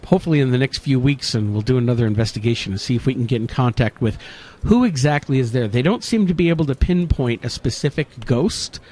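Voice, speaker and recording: Male paranormal investigator, mid-pitch, unhurried radio storyteller. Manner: relaxed storytelling with frequent fillers. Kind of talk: casual radio chat.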